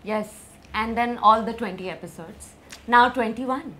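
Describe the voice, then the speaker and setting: A bright, sharp-toned woman, talking as a guest on a casual podcast. She sits a little high in pitch and gushes like an excited fan. Her talk is quick to enthuse and full of eager warmth. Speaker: guest, TV actor.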